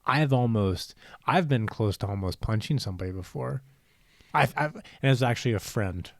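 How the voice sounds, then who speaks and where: A man's voice: medium pitch, moderate pace, creaky, dry recording, clean studio sound. A young man from Ohio with an American accent, co-hosting a podcast and telling a casual story, swearing freely and acting out what people said. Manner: animated, swears freely, acts out quotes. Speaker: podcast co-host.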